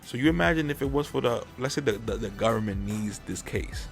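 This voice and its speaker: Gravelly-voiced man ranting casually. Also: mid-range voice, animated, fairly quick, soft background music. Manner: rambling, profane, opinionated. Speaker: podcast host. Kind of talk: casual podcast chat.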